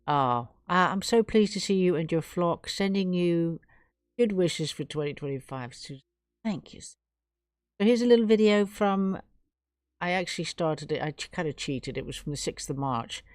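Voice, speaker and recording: A woman's voice: lowish voice, expressive, moderate pace, darkish tone, no room sound, studio quality. A woman from England hosting her own live stream, chatting casually and gushing her thanks to viewers.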